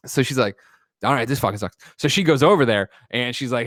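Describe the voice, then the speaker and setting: A man, a podcast host, loosely retelling a film's plot in casual chat, swearing and doing quick voices for the characters. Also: medium pitch, a bit bright, dry recording, clean studio sound. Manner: rambling, profane plot retelling with jokey voices. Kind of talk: casual movie recap chat.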